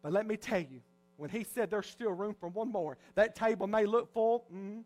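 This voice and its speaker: High-voiced preaching pastor, man. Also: expressive, normal speed. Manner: preaching with swings from soft to loud. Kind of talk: sermon.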